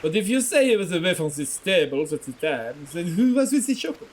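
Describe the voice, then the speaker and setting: A man voicing a dry, deadpan male stable worker. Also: sits high, brisk, slight background noise.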